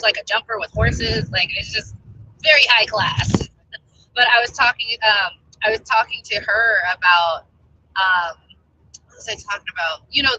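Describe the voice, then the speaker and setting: An American woman in casual vlog chat, rambling with plenty of fillers. Her voice sits a little high and sounds very bright, with a touch of huskiness. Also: husky, poor audio. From United States. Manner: rambling, chatty, many fillers. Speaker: travel vlogger.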